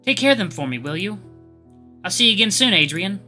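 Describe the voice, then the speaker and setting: A man putting on a brave young woman's voice, lifted well above his own and very bright. She pleads and soothes earnestly, a visual novel heroine read aloud with faint music behind. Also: very animated, measured pace, heavily acted. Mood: tender. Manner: raised pitch, earnest, pleading. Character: calm selfless young woman trapped behind rubble.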